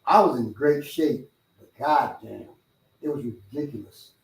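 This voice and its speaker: A middle-aged man, a martial arts instructor and host, telling stories in casual chat and acting out other people's lines loudly. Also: mid-range voice, measured pace, creaky. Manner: animated, acts out quoted voices loudly. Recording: roomy sound from a distant mic.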